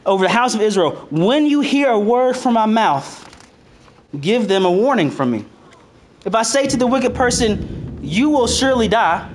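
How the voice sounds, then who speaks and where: A preacher giving a casual, conversational sermon. Reads scripture aloud, then retells it in slang, with frequent "like", restarts and laughter. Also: mid-range voice. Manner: loose and chatty, heavy use of "like", repeats phrases; laughs often between points.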